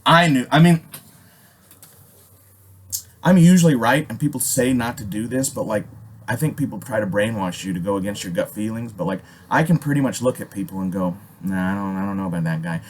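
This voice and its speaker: A middle-aged man from Alaska telling a story casually, swearing constantly and jumping loudly when he acts out what people said. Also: mid-range voice, brisk, husky. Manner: animated, swears constantly, acts out quotes with loud jumps.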